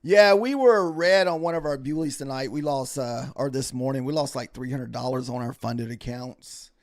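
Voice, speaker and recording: A man's voice: mid-range voice, normal speed, no echo, studio quality. Tired man commentating a trading stream. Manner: relaxed, rambling, thanks followers by name. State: tired, yawning. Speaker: livestream futures trader. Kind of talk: casual live-stream commentary.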